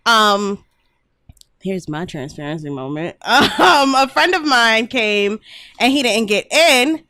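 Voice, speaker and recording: A woman's voice: fairly high pitch, expressive, slow pace, bright, forceful tone, dry recording, studio quality. A woman co-hosting a podcast, blunt and laughing in casual chat. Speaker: podcast co-host.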